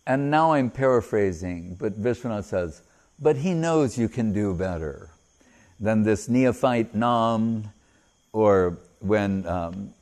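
A man's voice: fairly low pitch, lively intonation, slow, darkish tone. A man giving an informal religious talk, rambling and breaking off mid-phrase, chuckling at his own stories. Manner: rambling, self-interrupting, chuckling. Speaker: spiritual teacher.

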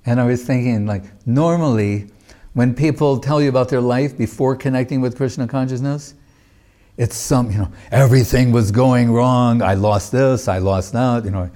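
A man with a dark, mellow voice teaches a spiritual class. He tells the story loosely and wanders off on side notes. He keeps dropping in casual asides as he goes. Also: mid-range voice, moderate pace. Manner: loose, digressive storytelling with many filler phrases. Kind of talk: storytelling religious talk.

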